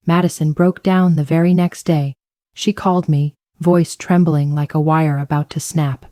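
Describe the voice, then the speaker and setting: Low mellow woman narrating a story. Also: fairly even intonation, normal speed, dry recording, studio quality. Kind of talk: first-person story narration.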